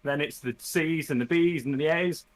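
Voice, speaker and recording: Host, teasing and wry, voice on the higher side. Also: male voice, normal speed. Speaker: live stream host. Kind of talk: casual chat.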